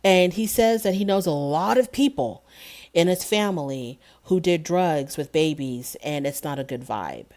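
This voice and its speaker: A woman with a notably low voice talks through a TV episode in relaxed recap commentary. Her tone is sarcastic and openly indignant, as a show reviewer who keeps her own opinions up front. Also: measured pace.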